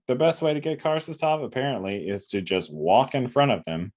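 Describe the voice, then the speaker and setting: A man's voice: medium pitch, moderate pace, hardly any pauses, darkish tone. A man co-hosting a casual comic review podcast, blunt and swearing freely. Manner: blunt and heavily profane; acts out characters in quoted lines. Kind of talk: casual chat.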